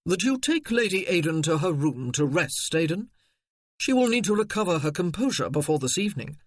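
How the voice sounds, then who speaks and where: A narrator voicing a duke who speaks in a cool, haughty, measured way. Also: male voice, high voice, expressive, fairly bright tone, dry recording, studio quality.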